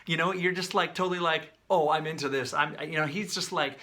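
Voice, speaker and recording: A man breaking down a song's lyrics in casual, animated video commentary, sometimes singing and beatboxing snippets. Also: a little high, brisk, hardly any pauses, background noise. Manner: animated, talks with his hands, sings and beatboxes snippets; conversational, many fillers. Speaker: songwriter breaking down a song.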